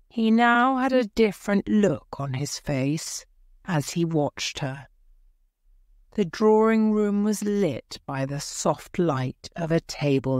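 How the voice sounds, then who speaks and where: Slow, low-voiced woman narrating a story. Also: a little mellow, no room sound, studio quality. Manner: clear, measured storytelling. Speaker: audiobook narrator. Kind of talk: scripted story narration for English learners.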